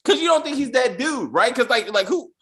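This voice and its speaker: A man hosting a casual TV recap chat, animated and profane, breaking into mock voices of characters. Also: extremely high pitch, fairly quick. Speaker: podcast host.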